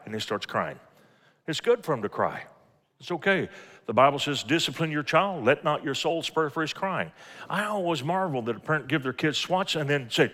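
A man's voice: medium pitch, fairly bright tone. A middle-aged man preaching a sermon, telling folksy stories from family life and quoting scripture. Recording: long hall reverb.

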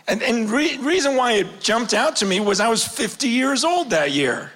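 A man in his fifties preaching a sermon, telling a personal story with passion, swinging from loud urgency to hushed quiet. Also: very high voice, big pitch swings, moderate pace, hardly any pauses.

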